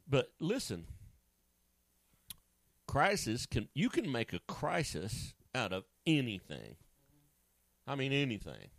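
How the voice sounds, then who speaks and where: Male pastor, lively swooping delivery, dry booming close-up sound, jokey asides. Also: a little slow, gravelly, long pauses, no room sound. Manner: animated, acts out voices with sudden high pitch jumps; conversational and joking, with asides to a co-host. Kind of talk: sermon.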